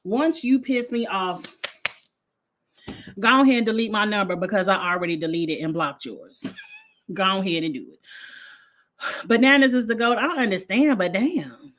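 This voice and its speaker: A woman, reviewing a reality show in a blunt, animated casual livestream chat with frequent laughter. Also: mid-range voice, moderate pace, long pauses. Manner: blunt, animated, laughs often, uses slang.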